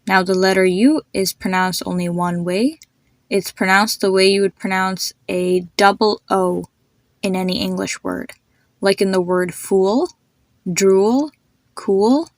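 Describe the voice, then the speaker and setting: A woman hosting a pronunciation lesson, demonstrating sounds slowly and repeating them for the listener. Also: mid-range voice, vocal fry, dry recording. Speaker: host teaching pronunciation.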